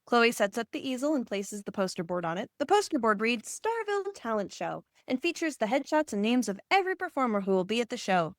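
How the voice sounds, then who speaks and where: A woman reading a screenplay's stage directions aloud in an even, plain way. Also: on the high side, a little fast, dry recording, clean studio sound. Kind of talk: scripted narration.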